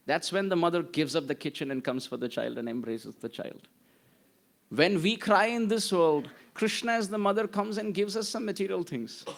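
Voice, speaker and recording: Male preacher, high-pitched, storytelling sermon with Sanskrit recitation. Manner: expressive storytelling, quotes Sanskrit verses. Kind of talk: devotional sermon.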